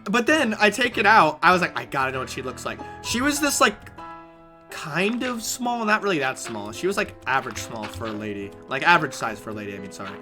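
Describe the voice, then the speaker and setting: A man live-streaming a game, telling a story in a casual, animated way, swearing freely and restarting mid-sentence. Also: a little high, a little fast, soft background music. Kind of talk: casual storytelling while gaming.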